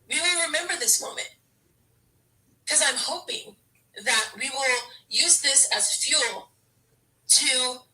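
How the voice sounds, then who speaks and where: A woman's voice: high-pitched, pushed and bright, far from the mic, poor audio. A woman football fan ranting to camera in a frustrated, exasperated way, stammering and restarting her sentences. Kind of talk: emotional fan rant to camera.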